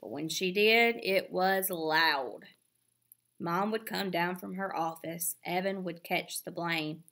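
A woman reading a children's novel aloud with expressive storytelling. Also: fairly low pitch, slow pace. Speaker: reader.

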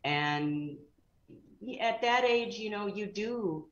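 A woman's voice: mid-range voice, expressive, takes it slowly, reverberant, dull audio. A middle-aged woman chatting casually as a guest actress, rambling a little with fillers as she talks. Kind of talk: casual chat.

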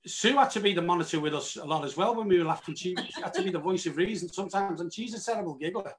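A man, an actor guest, telling backstage anecdotes in a lively way and acting out his own cries and reactions. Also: sits high, fast. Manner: animated storyteller, acts out his own reactions with loud cries. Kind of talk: anecdotal reunion chat.

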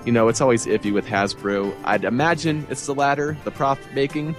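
A man's voice: mid-range voice, little pitch movement, a little fast, music in the background. Easygoing man hosting a radio show. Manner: easygoing, chatty host patter. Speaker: radio host. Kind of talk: casual radio chat and news.

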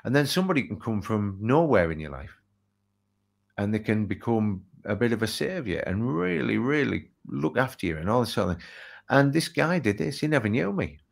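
A man's voice: lowish voice, moderate pace, gravelly. A man telling an anecdote in an interview, bringing it to life and acting out the dialogue. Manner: lively anecdotal, acts out dialogue. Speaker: author and speaker. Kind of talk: storytelling in an interview.

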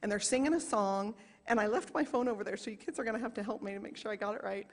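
A woman in her forties, a small group leader, telling an earnest personal story to a church congregation and slowing down to stress key moments. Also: medium pitch. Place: church sanctuary. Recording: reverberant church hall.

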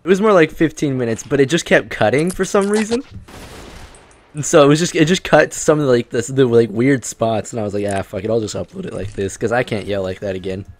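A man's voice: medium pitch, a little fast. A man hosting casual gaming commentary, rambling, joking and swearing freely as he plays. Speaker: gaming channel host.

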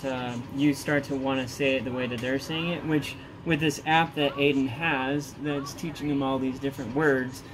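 A man's voice: medium pitch, level tone, normal speed, hardly any pauses, noisy background. A man chatting casually as co-host of a video, rambling and playful, slipping into silly voices. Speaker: co-host, vlogger's husband. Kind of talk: casual chat.

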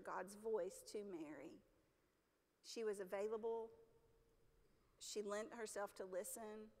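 A woman pastor preaching a sermon in a church, talking conversationally with the congregation, asking them questions and acting out the people in her stories. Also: mid-range voice. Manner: acts out characters in stories with lively voices. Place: church sanctuary. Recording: long reverb of a church hall.

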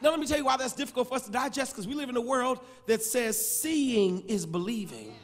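A male pastor preaching a sermon, building into shouted, sing-song cadences with touches of humor. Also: very high voice, animated, a little fast. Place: large church sanctuary. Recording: long church reverb.

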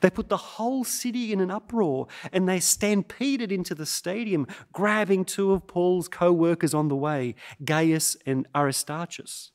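Male pastor, sermon delivery; slow, deliberate, emphatic, with long dramatic pauses. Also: high-pitched. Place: church.

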